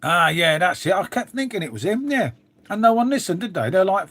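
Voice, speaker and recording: A man's voice: high-pitched, very animated, fairly quick, a bit bright. Rambling, swearing man. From England. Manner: swears freely, trails off, chatty asides to viewers. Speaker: live stream host. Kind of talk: rambling casual chat to viewers.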